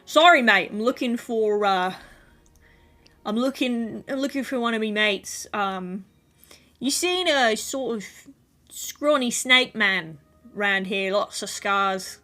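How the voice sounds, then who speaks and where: A woman voicing a loud, blunt male dragonborn. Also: a little high, animated, takes it slowly, exaggerated voice. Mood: gruff.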